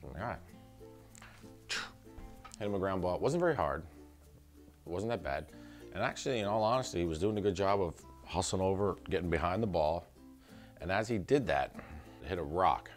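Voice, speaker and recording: A man's voice: sits low, moderate pace, pauses often, faint music behind. A middle-aged man telling a casual family anecdote, acting out quotes and laughing as he goes. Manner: animated storyteller who acts out quotes and laughs. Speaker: son telling a family story.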